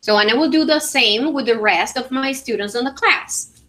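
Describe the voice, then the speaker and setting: A woman's voice: high-pitched, normal speed, sharp tone. A woman English teacher, presenting a demo at a conference and talking it through with frequent fillers and "all right?" checks. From Venezuela. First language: Spanish.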